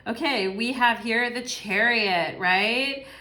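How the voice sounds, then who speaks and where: A young woman gives a casual tarot reading in a bright, sharp voice. She talks in a chatty, sassy way, swears freely and slips into quick voices for the people she describes. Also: on the high side. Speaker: tarot reader.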